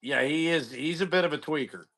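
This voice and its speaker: A man's voice: on the high side, brisk, gravelly, fairly bright tone. A talkative man runs a live card break, greeting viewers by name as he goes. He drifts between rundowns of teams and rambling stories full of asides. His delivery is loose and conversational. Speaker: card break livestream host. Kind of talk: casual livestream chat.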